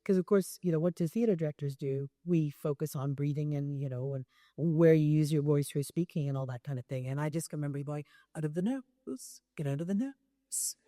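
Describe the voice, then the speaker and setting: A woman's voice: deep voice, fairly even intonation, a little fast, mellow, dry recording. Woman theatre director explaining, dry sound. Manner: thoughtful, explanatory, hesitant at times. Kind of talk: on-stage conversation.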